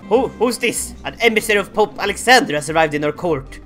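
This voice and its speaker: A man narrating a strategy game playthrough, excitable and theatrical, laughing and bursting into shouts. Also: sits high, fairly quick, few pauses, faint music behind. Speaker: gaming YouTuber. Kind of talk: Let's Play commentary.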